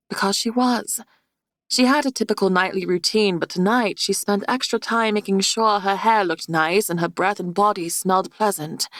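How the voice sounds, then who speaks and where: A woman narrating a fantasy audiobook in a steady, measured reading style. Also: mid-range voice, no room sound, studio quality. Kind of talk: scripted narration.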